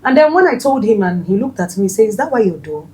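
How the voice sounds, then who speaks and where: Nigerian woman in her thirties, laughing storyteller, roomy echo, lively. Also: medium pitch, fast. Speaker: podcast guest. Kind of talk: casual storytelling chat.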